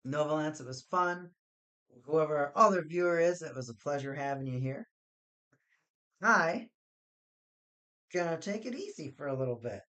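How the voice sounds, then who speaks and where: A man's voice: a little high, lively intonation, moderate pace, pauses often, pushed and bright. Rambling, joking man streaming card games. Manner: rambling, joking and talking to chat. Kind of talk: casual live stream chat.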